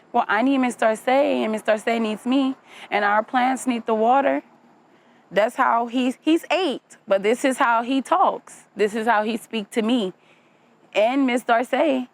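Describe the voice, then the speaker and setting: A woman, a mother and community gardener, talking in a documentary interview in a chatty, lively way. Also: medium pitch.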